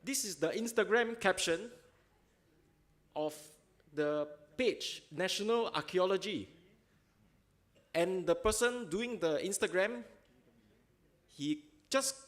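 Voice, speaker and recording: A man's voice: high voice, expressive, takes it slowly, long pauses, fairly bright tone. Man giving a talk, asks "right?" a lot. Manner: tag questions after every point; loose, informal phrasing with fillers. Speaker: seminar speaker. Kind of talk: conference talk. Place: auditorium.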